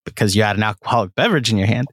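A man's voice: fairly low pitch, expressive, very fast, no room sound, clean studio sound. A man co-hosting a sports podcast who teases and jokes with his fellow host in casual banter. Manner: teasing, joking.

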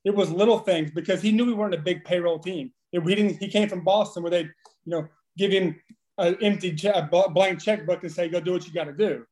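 A man in his thirties, a former ballplayer, telling profane, animated stories in casual chat. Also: high voice, fairly quick. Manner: profane, animated storyteller with laughs. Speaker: former baseball player, podcast guest.

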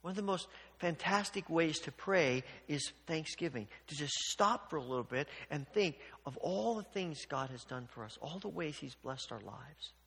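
A man's voice: a little high, normal speed, creaky, hardly any pauses, breathy edge. Preacher man in a reverberant hall. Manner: animated, acts out voices of God and the people, sarcastic asides. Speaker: pastor. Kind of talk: sermon.

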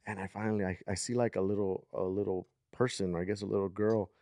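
A man's voice: deep voice, little pitch movement, quick pace, warm tone, no room sound. A man in his thirties hosting a podcast, telling a long story in a casual, rambling way with lots of fillers. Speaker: podcast host.

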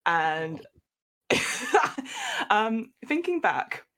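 A woman's voice: on the low side, drawn-out words. A young woman from England on a podcast, telling a story in casual chat and laughing often as she goes. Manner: laughing storyteller, animated retelling. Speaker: podcast guest.

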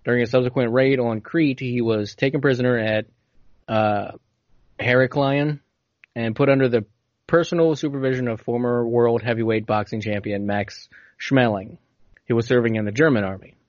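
A man's voice: mid-range voice, steady tone, normal speed, no room sound. A man hosting a casual podcast, telling a story and reading passages aloud, stumbling now and then over hard words. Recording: dull, dry lo-fi audio.

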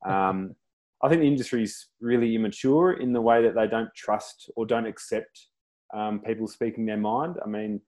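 A man co-hosting a podcast, talking in a thoughtful way with many pauses and fillers. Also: fairly low pitch, darkish tone. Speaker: podcast co-host. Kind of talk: casual panel chat.

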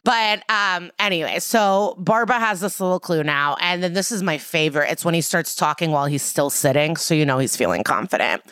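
Woman podcast co-host, lowish voice, dry close mic, chatty recapper who acts out quotes. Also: a little fast, few pauses, clean tone, dry recording. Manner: animated storytelling, acts out quotes, swears casually. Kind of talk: casual recap chat.

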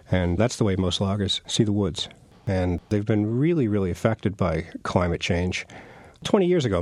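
Low-voiced man. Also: a little mellow, dry recording. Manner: rambling, with many restarts and chuckles. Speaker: author guest. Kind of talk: casual interview conversation.

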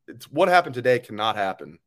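A man's voice: mid-range voice, big pitch swings, brisk, fairly bright tone. Angry ranting sports host, a man. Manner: angry, ranting, blunt, swears. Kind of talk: live call-in sports talk.

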